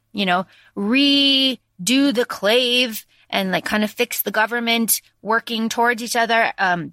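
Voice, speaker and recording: A woman with a fairly high, bright voice recaps a book for a podcast. She talks in loose, animated chat full of fillers. The sound is dry and close. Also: dry recording. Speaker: podcast co-host.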